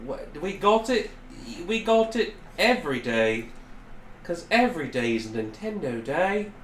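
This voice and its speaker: Brief: young male podcast host, lively teasing delivery, roomy echoey room. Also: on the high side, measured pace. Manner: teasing, laughing, jumps in excitedly. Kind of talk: casual chat. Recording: roomy echo, faint hiss.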